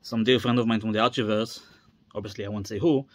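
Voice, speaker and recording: A man's voice: lowish voice, steady tone, quick pace. Tired guy in his 30s rambling on his vlog, lots of uhs and restarts, keeps losing the thread. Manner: meandering, many fillers and restarts, trails off. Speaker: vlogger.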